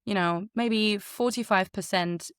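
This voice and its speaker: A woman voice actor, by birth, talking in a chatty, animated way in a casual interview. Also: mid-range voice, a little slow, clear, resonant tone, no room sound, studio quality. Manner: chatty and animated, laughs often. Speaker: voice actor guest.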